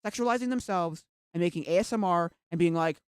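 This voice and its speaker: A live streamer chatting casually while browsing at the computer, rambling and filling every pause with "like". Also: medium pitch, clean tone, no echo, studio quality. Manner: rambling, heavy use of "like".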